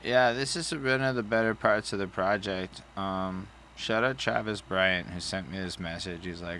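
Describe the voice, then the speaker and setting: A man with a fairly low voice, chatting casually on a podcast about an album. He talks bluntly and swears freely, and his thoughts ramble on. A faint hiss of noise sits under the recording. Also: normal speed, few pauses, bright, forceful tone. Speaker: podcast co-host. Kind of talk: casual album review chat.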